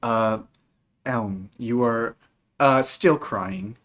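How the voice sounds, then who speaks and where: A man narrating as game master of a tabletop game, casual and lively, with many filler words. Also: medium pitch, extremely slow.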